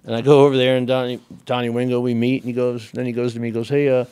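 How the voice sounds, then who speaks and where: A man guesting on a podcast as a race car driver, telling stories in an animated, rambling way with many fillers and restarts. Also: mid-range voice, rapid-fire, clean tone. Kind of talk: casual storytelling in a podcast interview.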